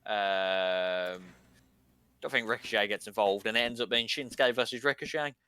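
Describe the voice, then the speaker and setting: A man talking through a casual recap on a podcast, stacking one event onto the next and filling gaps with ums. His voice is smooth and clean. The sound is close and dry, with no room around it. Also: fairly low pitch, fairly even intonation, moderate pace, pushed and bright, no echo. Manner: rambling, filler-heavy play-by-play retelling. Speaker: podcast co-host.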